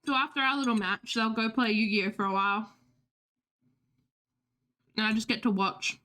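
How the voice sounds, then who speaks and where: Young female streamer, higher voice, loose chatty delivery, swears a lot. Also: moderate pace, pushed and bright. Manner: chatty, swearing, laughing asides. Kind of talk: casual livestream chat.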